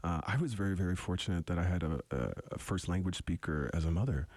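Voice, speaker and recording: A young man from eastern Canada with a very low, gravelly voice speaks in a thoughtful, halting way, circling back and restarting as he gathers his ideas. His tone is mellow and dark, and the recording sounds close and dry. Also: animated, no echo. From Wolastoqey territory, eastern Canada. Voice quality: deep radio voice. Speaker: musician guest. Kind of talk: reflective interview talk.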